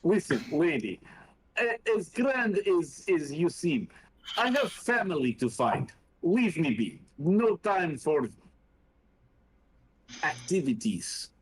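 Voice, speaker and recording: A man's voice: a little high, big pitch swings, slow, pauses often, breathy edge, exaggerated voice, poor audio. A man doing a proud broken-English warrior. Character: blunt, simple-spoken male warrior who talks in broken English.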